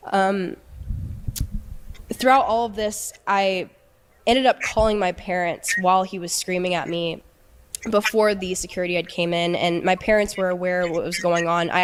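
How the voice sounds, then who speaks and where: A young woman recounting a painful relationship in an emotional personal account, halting and earnest, with many restarts and fillers. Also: on the low side, a little hiss or hum.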